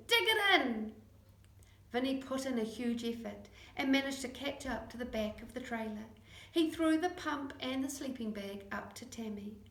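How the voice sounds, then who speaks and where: A woman narrating a children's chapter book, acting out the dialogue in lively voices. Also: fairly high pitch. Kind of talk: audiobook reading. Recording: echoey room.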